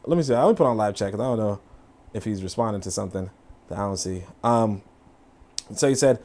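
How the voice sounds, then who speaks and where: Hosting a casual livestream, a man reacts to a video and his chat with profane, animated talk, laughing asides, and plenty of fillers. His pitch is fairly low and his pace quick.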